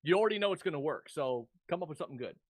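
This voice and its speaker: A man's voice: fairly high pitch, lively intonation, racing, no echo. A man running a tabletop game, explaining the rules casually with frequent ums. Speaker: game master.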